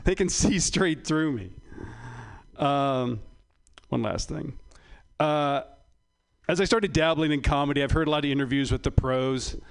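A man's voice: on the high side, unhurried, vocal fry, clean tone. A man doing a stand-up set, delivering wry, dry punchlines. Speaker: stand-up comedian.

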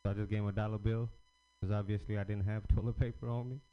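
A man's voice: on the low side, little pitch movement, fast talker. Rambling stand-up comic man, lo-fi club. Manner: loose, rambling, self-deprecating delivery. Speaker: stand-up comedian. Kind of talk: stand-up set at open mic. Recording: lo-fi live club recording.

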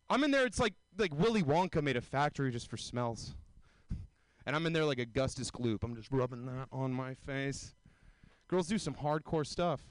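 Animated young man doing stand-up. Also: no echo. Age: 20s. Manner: self-mocking, jumps into high mocking voices. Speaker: stand-up comedian. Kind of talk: stand-up comedy set.

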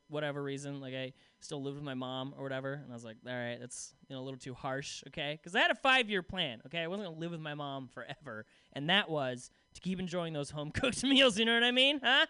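Brief: a young guy doing stand-up, high and bouncy, rambling and self-mocking, with a crisp, dry close sound. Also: bright, forceful tone, no echo. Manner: rambling, self-deprecating, many "like" fillers. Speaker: stand-up comedian. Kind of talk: stand-up comedy set.

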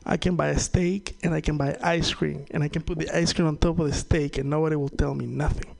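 A man's voice: on the high side, steady tone, fairly quick, vocal fry, darkish tone. A man from Venezuela with a Venezuelan Spanish accent, doing a loose, profane stand-up set and laughing at his own jokes. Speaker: stand-up comedian. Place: comedy open mic.

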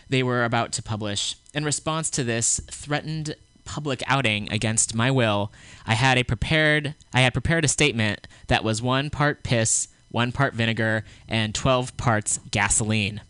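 A man hosting a small radio show, reading news and a statement aloud with blunt, opinionated asides and halting restarts. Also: mid-range voice, sharp tone, clear, resonant tone, no echo.

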